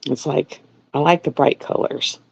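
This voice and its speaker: Low-pitched and unhurried, the middle-aged livestream host keeps a steady tone with vocal fry and a breathy edge. She chats casually and drifts through stories while sewing. The recording is dull, lo-fi and dry.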